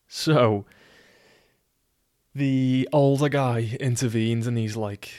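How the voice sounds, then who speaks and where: A man's voice: mid-range voice, fairly even intonation, slow, pauses often, a little mellow, no echo, clean studio sound. A young man with a Scouse accent telling a rambling, wry, swear-heavy anecdote. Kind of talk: casual storytelling.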